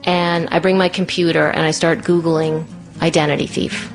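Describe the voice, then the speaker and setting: A woman telling a personal story as a monologue, animated and acting out the voices of the people in it. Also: low voice, normal speed, creaky, faint music behind.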